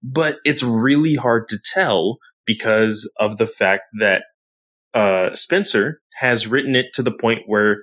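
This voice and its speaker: A man's voice: fairly low pitch, a bit bright. A man co-hosting a comic book podcast, speaking in a thoughtful, hesitant way. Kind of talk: casual comic review chat.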